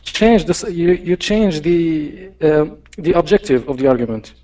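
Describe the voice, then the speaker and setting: Male caller, hesitant, mellow, slightly higher pitch, distant from mic. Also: expressive, unhurried. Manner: hesitant, stumbling, repeating himself. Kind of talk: casual call-in debate.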